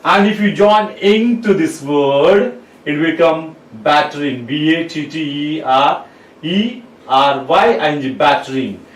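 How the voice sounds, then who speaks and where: A man's voice: fairly high pitch, unhurried. A man teaching a lesson, spelling words out letter by letter and repeating them. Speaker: English teacher. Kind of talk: classroom lecture. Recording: roomy, mic at a distance.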